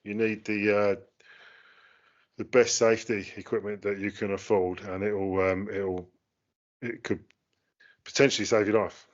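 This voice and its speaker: A man's voice: fairly low pitch, little pitch movement, measured pace, long pauses, muffled recording. A man co-hosting a casual chat, talking in British slang with many fillers and restarts. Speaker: co-host.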